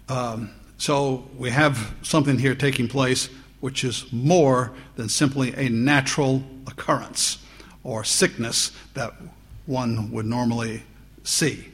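A man preaching a sermon, teaching slowly through Bible verses and lifting his voice on the quoted lines. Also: medium pitch, a bit bright, husky. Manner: slow, deliberate Bible teaching with rising emphasis on quotes.

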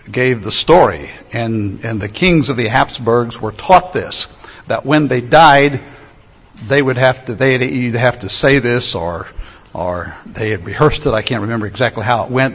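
A man preaching a sermon, emphatic, stretching key phrases slowly. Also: mid-range voice, a bit bright, husky. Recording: echoey hall, dull lo-fi sound.

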